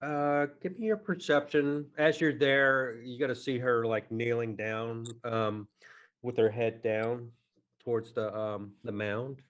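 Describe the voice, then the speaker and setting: Relaxed man as game master. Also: medium pitch, a little slow. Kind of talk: running a tabletop game.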